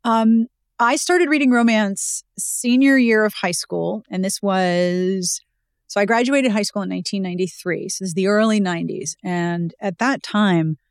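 A woman's voice: medium pitch, clear, resonant tone, no echo, studio quality. A woman in her forties from Pittsburgh with no regional accent, a podcast guest telling stories in a wry, chatty way. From Pittsburgh, USA. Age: 40s. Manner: wry, storytelling, quick asides. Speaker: podcast guest, romance novel expert. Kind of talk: casual podcast chat.

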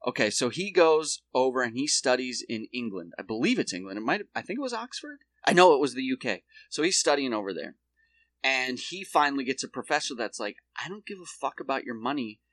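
A man's voice: mid-range voice, sing-song, brisk, fairly bright tone, no room sound. A man co-hosting a casual podcast, telling a story in a rambling, profane way and acting out quotes in other voices. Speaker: podcast co-host. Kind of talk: casual chat.

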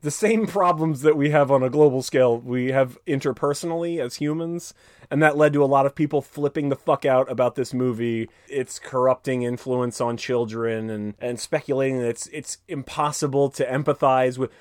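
A man's voice: medium pitch, steady tone, moderate pace, a little mellow, no echo. Sweary sarcastic man, dry close mic. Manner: sarcastic, profane, rants with jokey put-on voices. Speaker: podcast co-host. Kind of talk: casual chat.

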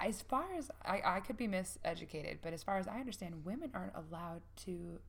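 A woman's voice: on the low side, expressive, fairly quick, creaky, a little hiss or hum. A woman co-hosting a casual chat about a film, rambling and hedging as she talks. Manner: rambling, hedging, laughs often.

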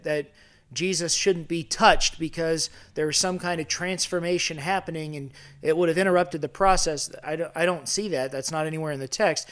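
A man's voice: fairly high pitch, steady tone, normal speed, fairly bright tone, clear, resonant tone. A middle-aged man preaching a conversational sermon in a church sanctuary, asking his listeners questions and growing intense as he goes. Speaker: pastor.

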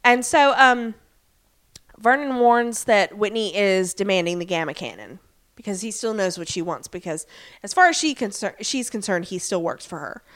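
Her medium-pitched, animated, slightly bright voice walks listeners through a TV episode as she co-hosts a casual podcast. She recaps the scenes, acting out snippets of dialogue, and leans heavily on "um" and "like."

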